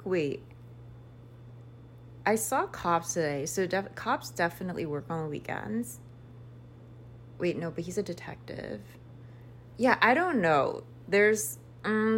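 A woman's voice: lowish voice, a little hiss or hum. A woman casually recapping a book, chatty and slangy, full of "like" and the odd swear word. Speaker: book reviewer.

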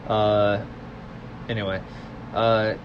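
A man's voice: lowish voice, level tone, slow, muffled recording, background noise. A man co-hosting a podcast, casually recapping a film in a rambling way, full of fillers and quoted lines. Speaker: podcast co-host.

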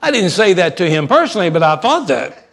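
Middle-aged pastor, somewhat high-pitched, folksy and animated, slowing down for emphasis. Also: male voice, gravelly. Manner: folksy, animated, shifts between fast asides and slow emphasis. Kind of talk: sermon storytelling.

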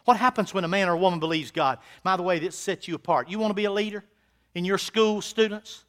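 Fiery high-voiced male preacher. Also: quick pace, clear, resonant tone. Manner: swings from hushed to loud, preaching with fervor; folksy phrasing. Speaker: pastor. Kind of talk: sermon. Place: church sanctuary.

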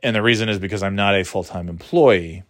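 A man's voice: on the low side, quick pace, no echo, studio quality. A tired, yawning man rambling sarcastically in a casual monologue, swearing freely and mocking himself. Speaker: vlogger.

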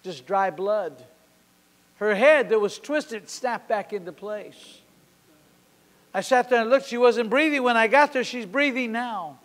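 A man in his sixties preaching a sermon at a church service. He tells a story with passion, swinging from sudden loud peaks to quiet drops. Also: extremely high pitch, unhurried. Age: 60s. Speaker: pastor. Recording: long hall reverb.

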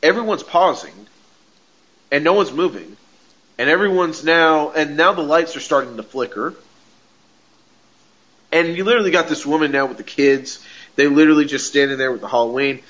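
A man co-hosting a podcast, casually recapping a TV episode in a rambling way, full of "like" and quick laughs. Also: a little high, fairly bright tone. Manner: rambling, heavy on filler "like", laughs often. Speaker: podcast co-host. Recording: dull lo-fi audio.

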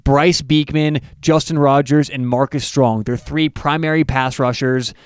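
A man co-hosting a casual sports talk show, analyzing a college football matchup with quick, enthusiastic asides. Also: medium pitch, fairly even intonation, smooth, no room sound, clean studio sound.

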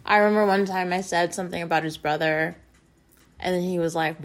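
A woman's voice: fairly low pitch, flat delivery, a little fast. A young adult woman talking straight to her viewers in a confessional vlog, rambling with lots of fillers. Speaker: vlogger. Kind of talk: confessional casual monologue.

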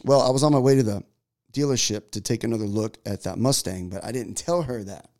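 A man's voice: lowish voice, fairly quick, dark tone. A man in his forties, a pastor telling a story in a sermon, chatty and full of restarts. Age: 40s.

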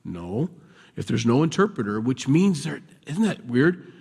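A man preaching a conversational sermon, animated and self-deprecating, swinging between loud bursts and quiet asides. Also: medium pitch, measured pace, gravelly, husky. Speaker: pastor. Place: church sanctuary. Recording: church sanctuary with long reverb.

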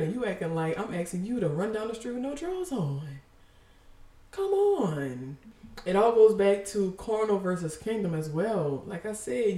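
A woman's voice: mid-range voice, recorded from a distance. Passionate woman preaching in an echoey room. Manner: animated, emphatic, slangy, repeats "for real". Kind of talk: passionate casual sermon.

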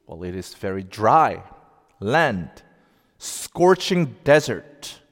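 Slow, emphatic male preacher in a reverberant hall. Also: fairly low pitch, big pitch swings. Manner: slow, deliberate, emphatic preaching with rising outbursts. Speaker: pastor. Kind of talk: sermon. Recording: long reverb of a large hall.

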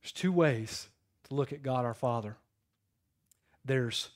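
A man's voice: medium pitch, takes it slowly, pauses often. A man, preaching a folksy sermon in church with call-and-response to the congregation. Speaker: pastor. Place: church sanctuary.

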